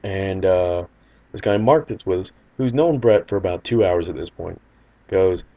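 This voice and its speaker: A man's voice: sits low, normal speed, mellow, lo-fi sound. A man casually telling a personal anecdote in a loose, rambling, wry way. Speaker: storyteller.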